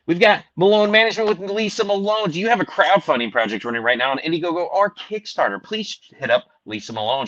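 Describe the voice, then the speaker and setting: A man's voice: mid-range voice, no echo, lo-fi sound. Rowdy, profane man hosting a show. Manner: loud, rowdy, rambling. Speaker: podcast host reading sponsors. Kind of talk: casual profane chat. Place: Missouri.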